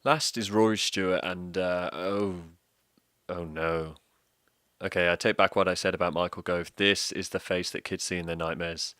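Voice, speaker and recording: Low-voiced sardonic man ranting. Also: a little fast, hardly any pauses, dry recording, studio quality. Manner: sardonic, sweary, deadpan mockery. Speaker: comedic ranter. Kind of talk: scripted comedic political rant.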